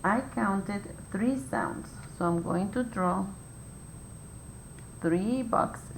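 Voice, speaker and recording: Slow, patient woman teaching phonics. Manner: slow, clear, patient step-by-step instructions. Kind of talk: phonics lesson for young children. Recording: echoey room with faint rumble.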